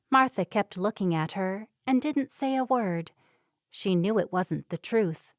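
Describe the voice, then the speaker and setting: A woman reads a romance novel aloud in an even, measured way, with a mid-pitched voice. The recording is dry and close. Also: no room sound. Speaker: audiobook narrator. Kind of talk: scripted narration.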